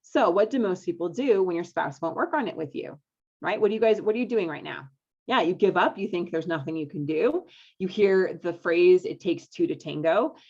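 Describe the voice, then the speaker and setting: A husky, fairly low, darkish voice carries this marriage coach's live webinar, delivered at normal speed with animated energy. She encourages couples warmly and repeatedly checks in with those listening, all through muffled, lo-fi webinar audio.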